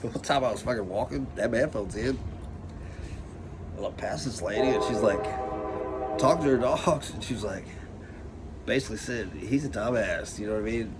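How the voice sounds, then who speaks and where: A man's voice: fairly low pitch, a little fast, long pauses. A man ranting casually to his camera about anxiety, swearing a lot and filling with "like" and "you know.". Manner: profane, rambling, says "like" and "you know" constantly. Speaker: vlogger. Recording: noisy background hiss.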